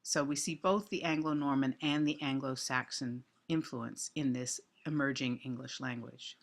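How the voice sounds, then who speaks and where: A man giving a recorded literature lecture, speaking deliberately and thoughtfully with frequent ums and restarts. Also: mid-range voice, fairly even intonation, creaky, a bit bright.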